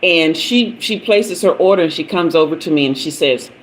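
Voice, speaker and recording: A middle-aged woman hosts a casual livestream as a tarot reader, chatting, telling stories, laughing often, and greeting commenters by name. Her voice is low, at normal speed with few pauses, on a low-quality recording with slight background noise.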